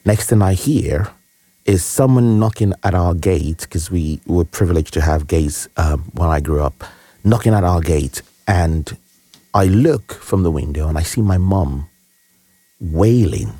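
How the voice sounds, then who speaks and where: A man with a very low, dark, mellow voice recounts a personal story as an interview guest. He speaks earnestly and reflectively, often restarting his phrases. The recording is close and dry. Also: animated, measured pace, husky, dry recording. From Nigeria.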